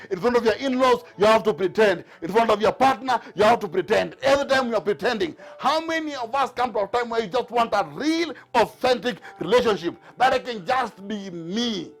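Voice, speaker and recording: A man preaching a sermon to a Bible class, driving his points home with repeated rhetorical questions. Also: high-pitched. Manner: emphatic, repetitive rhetorical questions.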